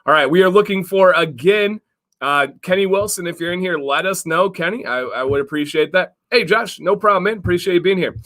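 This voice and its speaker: A man co-hosts a casual live stream, upbeat and chatty as he greets viewers by name. His voice sits a touch high and rings bright and forceful. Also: brisk. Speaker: livestream co-host.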